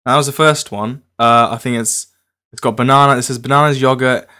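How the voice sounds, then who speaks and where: A man's voice: mid-range voice, steady tone, a little fast, bright, forceful tone, clean tone. A man, co-hosting a casual chat, hesitant and often repeating his words.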